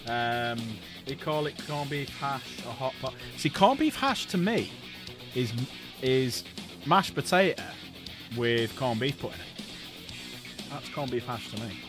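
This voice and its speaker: Chatty streamer, guitar behind. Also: male voice, medium pitch, sing-song, unhurried. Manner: chatty and jokey, repeats phrases. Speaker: streamer host. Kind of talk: casual live-stream chat.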